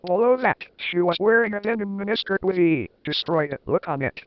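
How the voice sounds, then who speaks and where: High-voiced man reading with wry asides. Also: expressive, fairly quick. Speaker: reader. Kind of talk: comic dramatic reading. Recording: dull, lo-fi dry recording.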